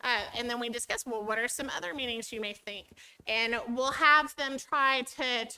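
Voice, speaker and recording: A woman's voice: fairly high pitch, moderate pace, sharp tone, clean tone, rough recording. A woman teacher giving a chatty training talk, often acting out her students' voices.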